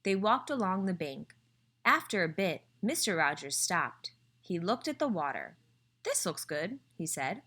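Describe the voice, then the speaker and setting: A woman teacher reading a picture book aloud to children, clear and expressive, pausing to ask them questions. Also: on the low side.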